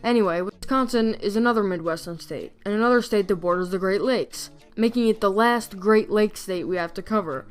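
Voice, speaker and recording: A woman's voice: medium pitch, fairly quick, few pauses. A woman narrating facts in a casual, playful way, joking as she goes. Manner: playful, jokey, chatty.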